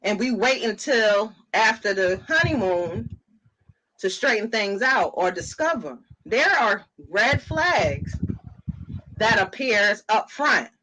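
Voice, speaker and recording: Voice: mid-range voice, big pitch swings, slow pace, bright, forceful tone, low-quality recording. A co-host of a casual religious discussion who speaks earnestly and reads viewer comments aloud.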